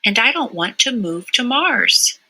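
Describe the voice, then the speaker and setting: A woman reading a children's picture book aloud in a gentle read-aloud manner. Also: on the high side, very animated, measured pace, vocal fry, husky, poor audio.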